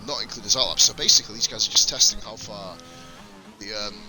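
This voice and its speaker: A man's voice: fairly low pitch, quick pace, over music. A man from England with a slight lisp, giving blunt, sweary live commentary on a sim racing stream into a desk mic.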